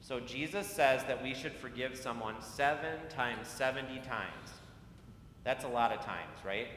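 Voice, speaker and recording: A man's voice: measured pace, fairly bright tone. A man leading a children's message at a church service, talking in a friendly way and asking the children questions. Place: church sanctuary. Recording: echoey church hall, faint rumble.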